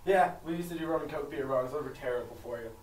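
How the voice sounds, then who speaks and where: A young man chatting while drinking, giggly and animated as he tells stories. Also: medium pitch, fast talker. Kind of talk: casual drinking chat. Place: outdoors near bikes. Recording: distant camera, echoey, loud background noise.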